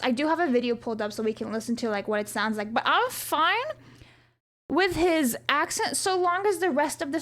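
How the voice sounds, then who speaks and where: Chatty, opinionated high-voiced woman. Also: fairly bright tone. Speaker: vlogger. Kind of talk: casual opinion vlog.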